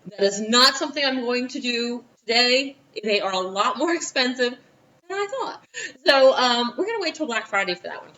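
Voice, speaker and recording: Casting: chatty New Orleans woman teacher, slightly high, muffled lo-fi recording. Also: bright, forceful tone, far from the mic. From Louisiana, USA. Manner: chatty, with asides and quoted voices. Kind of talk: recorded history lesson for a class.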